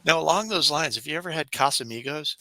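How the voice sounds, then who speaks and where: A man's voice: a little high, expressive, fast, sharp tone, no room sound, poor audio. A man co-hosting a podcast, telling workplace stories in casual chat, acting out the people he quotes and laughing often. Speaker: podcast co-host.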